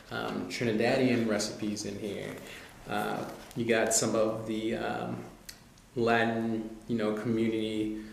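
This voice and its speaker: A man's voice: fairly low pitch, gravelly. Laid-back man in an echoey room. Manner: relaxed, loose, many fillers like "you know" and "like". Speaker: vlogger reviewing cookbooks. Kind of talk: casual talk to camera. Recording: very echoey room, faint noise.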